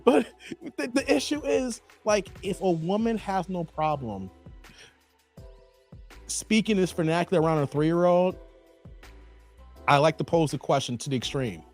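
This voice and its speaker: A man hosting a live commentary stream, animated, laughing often and talking to his chat by name. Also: sits high, unhurried, pauses often, faint music behind.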